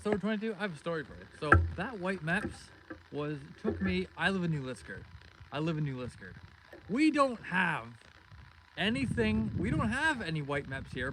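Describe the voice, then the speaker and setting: A man hosting a live fishing stream from a boat outdoors, chatting casually and greeting viewers by name. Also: a little high. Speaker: fishing livestream host. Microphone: phone streaming live. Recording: wind and outdoor noise.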